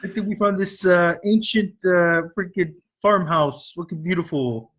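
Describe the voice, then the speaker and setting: A man's voice: high voice, normal speed, fairly bright tone. A man co-hosting a movie review show, rambling casually and laughing between thoughts. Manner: rambling, laughs often, many fillers. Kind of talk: casual chat.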